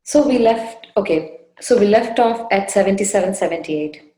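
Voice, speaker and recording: A woman spiritual teacher giving a devotional talk with guided meditation, soft, unhurried and gently coaxing, often repeating her phrases. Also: medium pitch, roomy sound, low-quality recording. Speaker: spiritual teacher leading a satsang. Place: indoor room.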